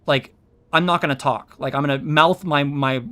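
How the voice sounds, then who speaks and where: A man's voice: a little high, fairly even intonation, moderate pace, bright, forceful tone. A man chatting casually on his stream as a VTuber, rambling and explaining things with plenty of ums and restarts. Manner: rambling, explains with many fillers. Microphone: own streaming mic.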